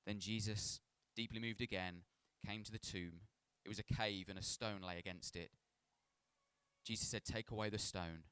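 A male pastor with a lower voice that sounds smooth and resonant, reading scripture and preaching. He talks in an easy, conversational way, telling stories at his own expense and tripping over words now and then. The sound is close and dry, with no room echo. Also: steady tone, normal speed, fairly bright tone. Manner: conversational, self-deprecating storytelling with stumbles.

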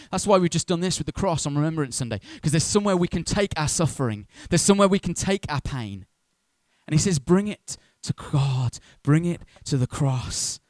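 A man's voice: a little high, no echo, studio quality. A man preaching a sermon in a conversational way, acting out voices of churchgoers with humor.

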